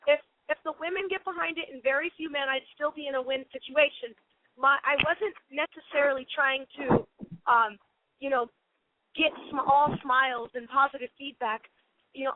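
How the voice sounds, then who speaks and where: A woman's voice: high-pitched, dry recording. Passionate woman on a tinny phone line. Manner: passionate, emphatic, quick restarts. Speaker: guest, professional boxer. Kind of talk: phone-in radio talk. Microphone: telephone.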